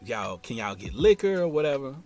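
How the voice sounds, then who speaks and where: A man's voice: medium pitch, big pitch swings, brisk, a little mellow, faint music behind, natural voice. A man voicing an eager, chatty young woman in a story. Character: young woman, excited and forward.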